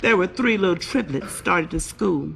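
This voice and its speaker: A woman's voice: on the low side, expressive, moderate pace, vocal fry, very noisy. A woman comedian telling profane, bawdy jokes in brash live stand-up.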